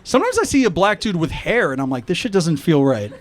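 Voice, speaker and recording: A New York stand-up comedian performs outdoors on a rooftop, telling jokes conversationally and acting out talks with his friends. His voice is high-pitched with huge pitch swings, and he talks fast. Crowd noise can be heard.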